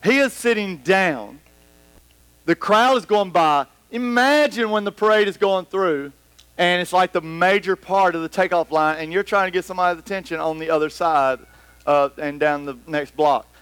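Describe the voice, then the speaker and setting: A man preaching a sermon to a congregation in a church hall, animated and rambling, acting out scenes as he goes. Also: sits high, normal speed, smooth. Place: church hall with about a hundred people. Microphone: microphone.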